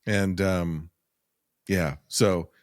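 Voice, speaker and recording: A man hosting a casual film podcast, talking in halting restarts and swearing casually. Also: low voice, steady tone, no room sound, studio quality. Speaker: podcast host. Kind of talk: casual film-ranking chat.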